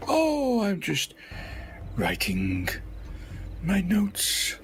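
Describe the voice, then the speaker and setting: A player voicing a creepy, soft-spoken frontier caterer in a western role-play game, speaking with slow, drawn-out courtesy. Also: mid-range voice, huge pitch swings, noisy background, heavily acted. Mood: unsettling courtesy.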